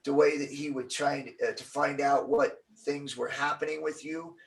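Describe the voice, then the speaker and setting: A man's voice: fairly high pitch, steady tone, normal speed, gravelly. Middle-aged guy telling a story in an interview, acts out the quotes, sounds a bit far from the mic. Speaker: interview guest.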